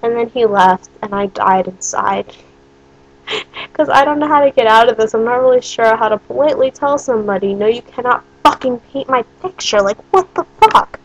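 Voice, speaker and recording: A young woman vlogs a casual storytime monologue, rambling through the tale with plenty of swearing and outbursts of disbelief. Her voice is a little high at a moderate pace, and the recording sounds muffled.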